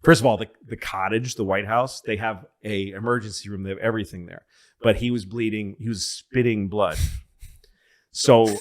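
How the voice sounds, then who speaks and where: A man's voice: fairly low pitch, moderate pace. A man co-hosting a podcast, telling stories in a loose, swearing chat and acting out the people in them. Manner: animated storyteller, acts out voices, swears freely. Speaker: podcast co-host. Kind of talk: casual storytelling chat.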